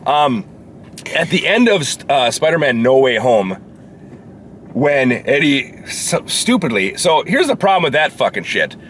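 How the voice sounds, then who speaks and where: Animated man, slightly hoarse voice. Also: medium pitch, measured pace, slight background noise. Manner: animated, swears freely, laughs often. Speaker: co-host. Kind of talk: casual movie chat. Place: inside a parked car.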